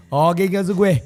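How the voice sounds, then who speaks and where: A man's voice: on the high side, darkish tone. A man co-hosting live radio football commentary, playful, breaking into chants and singing and mixing languages. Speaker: radio sports co-host.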